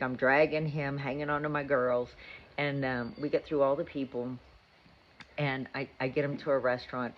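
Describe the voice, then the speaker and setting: A woman's voice: very deep voice, muffled recording, a little hiss or hum. A woman, a mother, telling a rambling, chatty story about her day in a casual vlog. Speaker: mother and vlogger. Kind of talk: casual chat.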